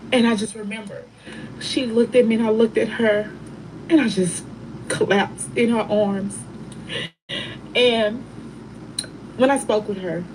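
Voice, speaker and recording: A middle-aged woman telling a painful personal story in a soft, halting way, pausing and restarting often. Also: mid-range voice, slight background noise, poor audio. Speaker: bereaved mother telling her story.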